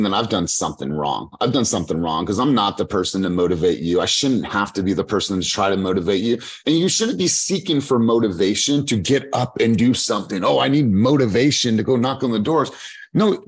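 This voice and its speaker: A man's voice: medium pitch, slightly rough. A man leading a sales team meeting as coach, talking emphatically in a preachy, repetitive way. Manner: emphatic, preachy, fond of repeating himself. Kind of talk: motivational coaching talk.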